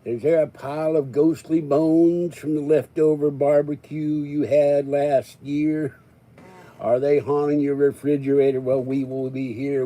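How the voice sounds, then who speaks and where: A man's voice: fairly high pitch, dark tone. A man hosting a live stream, rambling and joking as he chats. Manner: joking, rambling, chuckling often.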